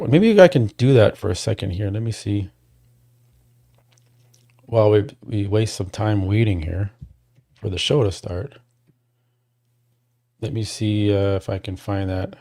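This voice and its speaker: A man's voice: fairly low pitch, a little slow, pauses often. Rambling man hosting a livestream. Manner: rambling, restarts, talks to chat; gets worked up and loud when complaining. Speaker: livestream host. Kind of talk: casual livestream chat.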